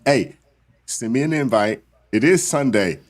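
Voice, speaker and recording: A man's voice: medium pitch, animated, unhurried. A man hosting a casual livestream chat, laid-back and peppering his talk with "man" and "you know". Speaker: livestream host.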